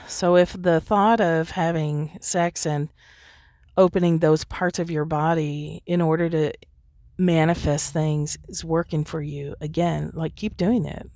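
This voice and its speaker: A woman's voice: low voice, fairly even intonation, measured pace, warm tone, dry recording, studio quality. Frank, chatty woman podcaster. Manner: frank, chatty, laughs easily. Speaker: podcast host. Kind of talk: candid solo podcast monologue.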